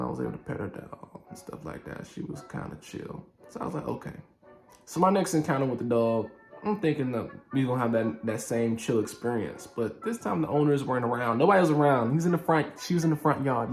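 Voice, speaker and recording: A man telling a story from his youth in a casual vlog, animated and slangy, acting out the scenes. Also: medium pitch, fast, gravelly. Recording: echoey room with faint music.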